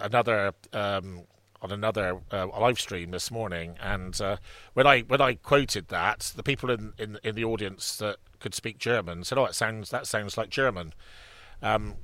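A man's voice: on the low side, moderate pace, fairly bright tone, no room sound. A man co-hosting a history podcast, chatting casually and rambling with many restarts and fillers. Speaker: podcast co-host.

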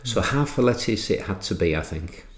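A middle-aged man from England tells a long anecdote in a very low, deep voice. He restarts and fills as he goes, like a seasoned speaker recalling family lore, and the room around him rings with echo. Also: expressive. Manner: anecdotal, halting with restarts and fillers. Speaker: entrepreneur and author. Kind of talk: storytelling in a podcast interview.

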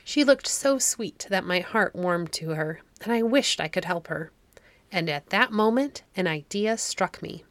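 A woman narrating a classic fairy-tale audiobook in a measured storytelling manner. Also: on the low side, animated, no room sound.

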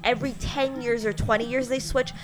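A woman's voice: on the high side, fairly even intonation, a little fast. A woman chatting casually while watching a film, joking and laughing as she riffs. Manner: playful, riffs on jokes and laughs while talking. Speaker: co-host of a watch-along chat. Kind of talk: casual chat over a film. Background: film soundtrack playing.

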